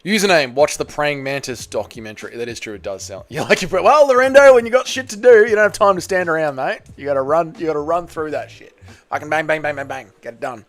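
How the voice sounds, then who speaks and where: A man's voice: a little high, expressive, fast. A man hosting a casual fight watchalong stream. He reads out chat messages and swears freely. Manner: loose and profane, bursts into shouts at big moments. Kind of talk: casual live-stream commentary and chat reading.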